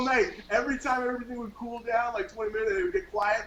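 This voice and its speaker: A man hosting a podcast, telling a long story in a casual, profane, animated way. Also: very high-pitched, fast talker, hardly any pauses, echoey room, poor audio. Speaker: podcast host.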